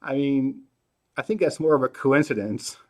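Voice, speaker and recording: A middle-aged man hosts a laid-back livestream Q&A, fielding viewer questions as he thinks out loud, full of fillers and false starts. His pitch sits in the middle and he talks at a normal speed.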